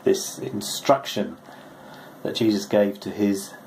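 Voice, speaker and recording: A male pastor giving a short, gentle, conversational devotional, reading scripture aloud. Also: on the low side, slow pace, slight background noise, low-quality recording.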